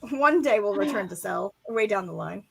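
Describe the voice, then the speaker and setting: A young woman co-hosting a casual live book discussion, excitable and profane, acting out quotes from the books. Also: mid-range voice, fairly quick, creaky, slightly rough, poor audio. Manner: excited, swears a lot, acts out quotes. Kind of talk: casual live-stream chat.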